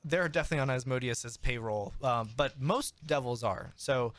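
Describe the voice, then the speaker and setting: A man's voice: medium pitch, moderate pace, no room sound. A man narrating as game master of a tabletop game, rambling with fillers and sudden bursts of speed.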